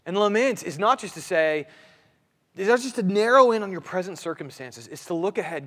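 A man's voice: sits high, lively intonation, a little fast, a bit bright, in a large hall. A man preaching a sermon as pastor, earnest, often repeating his words, his voice rising and dropping with emphasis. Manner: earnest preaching, repeats phrases, voice rises and drops.

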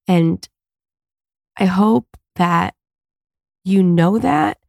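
In a casual solo podcast monologue from home, a woman who hosts and coaches speaks earnestly and confessionally, wandering with lots of fillers. Her voice is medium-pitched, creaky and a touch mellow, at a normal speed, recorded dry in clean studio sound.

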